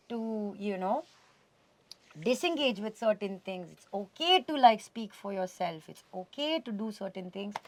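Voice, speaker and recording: A woman from India being interviewed as a guest, talking in an animated, expressive way and slipping Hindi words into her English. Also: on the high side, no echo. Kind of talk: casual conversational interview. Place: radio studio.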